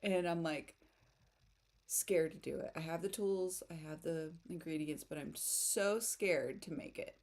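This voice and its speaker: Low and unhurried, with a darkish tone, this woman from the United States hosts a writing-focused livestream. She giggles, pokes fun at herself, and chats casually while reading comments aloud.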